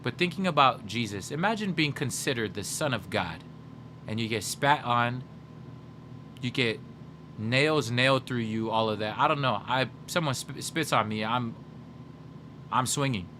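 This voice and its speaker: A man's voice: mid-range voice, normal speed, slight background noise. A man streaming a video game, telling stories animatedly and swearing, talking straight to his chat and answering their messages. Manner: animated storyteller, swears, addresses chat directly. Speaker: gaming livestreamer. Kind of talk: casual livestream chat.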